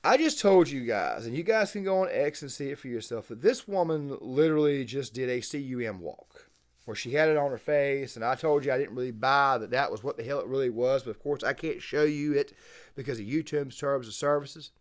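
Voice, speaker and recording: A man's voice: mid-range voice, brisk. Emphatic man hosting reaction commentary. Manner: emphatic, repeats phrases, wordy. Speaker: channel host.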